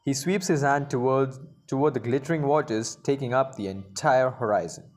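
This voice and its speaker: A man's voice: medium pitch, moderate pace. Chatty man reading a story game aloud. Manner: chatty asides and frequent laughs. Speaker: game narrator and player.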